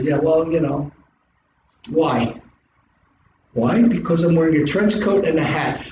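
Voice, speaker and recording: A middle-aged man with a South Philly accent, an instructor giving an animated classroom lecture full of rhetorical questions. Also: on the high side. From South Philadelphia, US. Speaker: college instructor. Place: large classroom. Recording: distant echoey classroom recording, dull and hissy.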